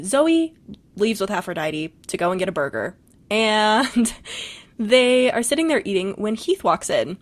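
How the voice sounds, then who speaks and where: A woman co-hosting a podcast, telling stories and recapping a book in casual chat, animated and laughing often. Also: mid-range voice. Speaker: podcast co-host.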